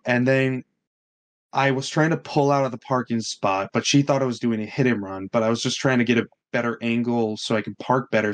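A young man, telling a story on a casual podcast, swearing often and acting out what others said. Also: mid-range voice. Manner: animated, swears a lot, acts out quotes. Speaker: podcast co-host.

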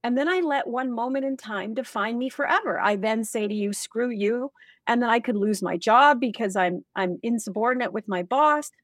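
Energetic woman, dry close mic. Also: on the high side, a little fast, few pauses, no room sound. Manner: energetic, acts out example dialogue. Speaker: guest, leadership expert. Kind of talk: animated interview talk.

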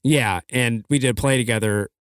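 A man's voice: mid-range voice, normal speed, smooth, no echo, studio quality. A man from the Midwest with a General American accent, co-hosting a podcast in a jokey, announcer-like way, enunciating carefully. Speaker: podcast co-host. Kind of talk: casual chat.

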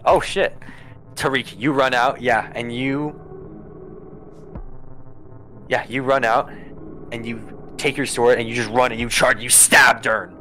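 A man's voice: mid-range voice, steady tone, a little slow, pauses often, fairly bright tone, faint music behind, rough recording. A man narrating as game master, casual and profane, restarting often.

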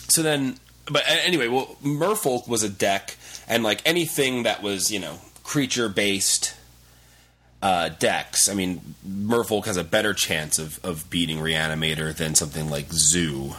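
A man's voice: low voice, sharp tone. A man hosting a podcast, talking casually in a rambling, self-deprecating way. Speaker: podcast host.

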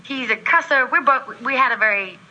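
A very bright, sharp-toned woman from Australia tells a personal story as a podcast guest. She acts out the voices of the people in it and laughs as she goes. Her voice has a thin, phone-like quality. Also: sits high, brisk. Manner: animated, acts out quoted voices, laughs often.

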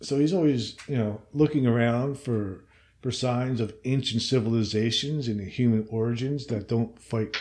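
A man's voice: medium pitch, normal speed, darkish tone. Offhand joking man hosting a podcast. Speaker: podcast host. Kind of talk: casual chat.

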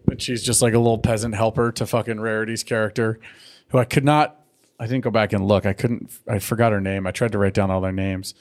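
A man's voice: fairly low pitch, steady tone, a little fast. A man co-hosting a podcast, casually recapping a cartoon episode with lots of swearing, fillers and laughter. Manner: profane, laughing, trailing off with fillers. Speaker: podcast co-host.

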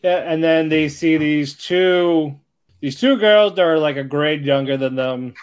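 A man's voice: fairly high pitch, measured pace, clear, resonant tone. A man co-hosting a podcast, chiming in with short additions while casually recapping anime episodes. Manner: chimes in with short additions, laughs often. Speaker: podcast co-host.

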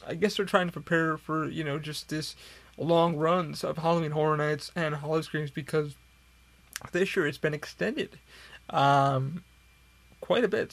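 A man's voice: on the high side, vocal fry, a bit bright. A man hosting a podcast, rambling casually with a lot of swearing. He sounds tired and yawns as he talks. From upstate New York. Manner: profane, rambling, tired and yawning. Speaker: podcast host. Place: hot room at home.

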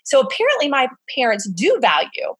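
A middle-aged woman with a slightly higher-pitched voice chats as an interview guest, filling her speech with little fillers and restarts. She slips into acted-out quotes as she tells stories in a lively, conversational way. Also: moderate pace, husky. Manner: animated storyteller, acts out quoted voices, frequent fillers. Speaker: guest, summer camp director.

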